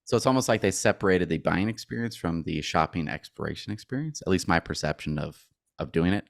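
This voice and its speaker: A man talking casually on a podcast, telling stories with lively acted-out back-and-forth exchanges. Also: low-pitched, fast, creaky, no room sound, studio quality. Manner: animated storyteller who acts out both sides of conversations. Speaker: podcast co-host.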